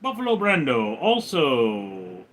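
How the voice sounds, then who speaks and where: A man live streaming, reading viewers' names and questions aloud and answering them in a lower, quieter tone. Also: huge pitch swings, slow. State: recovering from a hospital stay. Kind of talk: casual live stream chat.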